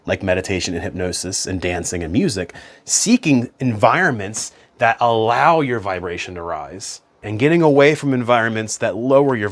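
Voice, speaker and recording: A man talking as a spiritual self-help coach in a casual, conversational monologue, often saying "you know" and "man". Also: fairly low pitch.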